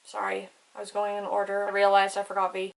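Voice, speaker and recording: A woman's voice: medium pitch, monotone, fast talker, gravelly, rough recording. A woman giving a casual language lesson who spells words out and stresses vowels carefully. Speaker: Irish language teacher.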